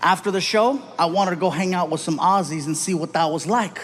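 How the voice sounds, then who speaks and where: A man doing stand-up, telling stories in an animated way and acting out characters. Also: high voice, a little fast. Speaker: stand-up comedian. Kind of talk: stand-up storytelling.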